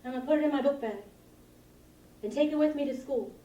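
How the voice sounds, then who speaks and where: A woman's voice: high voice, quick pace, warm tone, highs cut off, lightly acted. A woman playing a giggly, lonely seventh-grade girl. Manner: giggly, rambling and self-conscious. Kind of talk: confessional monologue to a camcorder. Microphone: camcorder mic. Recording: roomy sound from a distance.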